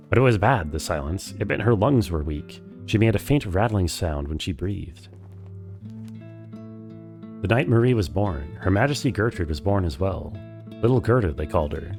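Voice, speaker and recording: A widowed nurse quietly recounts her sick newborn daughter in a sorrowful, tender way, voiced by a man reading game dialogue. The delivery stays low and subdued, and a faint plucked guitar plays underneath. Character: grieving widowed woman nurse.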